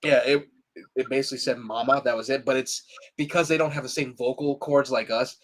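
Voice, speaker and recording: A man's voice: medium pitch, steady tone, a little fast, low-quality recording. A man co-hosting a live podcast, chatting casually and laughing often. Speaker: podcast co-host. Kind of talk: casual chat.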